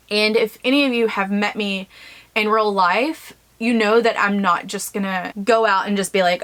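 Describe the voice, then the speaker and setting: A woman's voice: a little high, fairly bright tone. A woman author talking frankly to camera alone in her home office, rambling a little and using many fillers. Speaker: self-published author. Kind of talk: candid vlog talk to camera.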